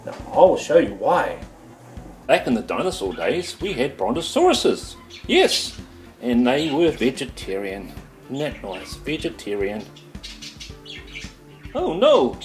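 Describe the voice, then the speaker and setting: Goofy kitchen host, wildly swooping pitch. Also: male voice, huge pitch swings, slow pace, roomy sound, faint music behind. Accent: New Zealand. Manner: goofy, playful, sing-song exclamations. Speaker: cooking show host. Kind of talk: comedic cooking show. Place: home kitchen.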